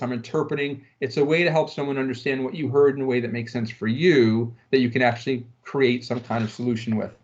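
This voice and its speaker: A man's voice: mid-range voice, dull audio. A man leading an online workplace training session, talking in a loose conversational way with fillers and rhetorical questions. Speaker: corporate trainer.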